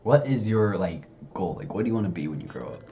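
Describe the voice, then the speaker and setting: A teenage boy hosting a podcast, casual and teasing, getting excited as he talks. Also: lowish voice, fast talker, dull audio, a little hiss or hum. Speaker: podcast host. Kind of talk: casual chat.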